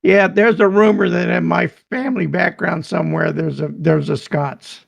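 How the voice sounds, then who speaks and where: A man playing in a tabletop game, making wry jokes in a gravelly voice. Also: sits high, steady tone, moderate pace. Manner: joking, wry. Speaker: player. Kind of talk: casual chat.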